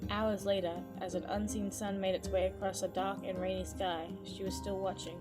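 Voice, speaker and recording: A woman's voice: mid-range voice, little pitch movement, moderate pace. A woman streamer reading a game's story aloud, breaking off to swear and chat casually. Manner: casual, swears at the game, chatty asides. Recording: voice with loud game music behind.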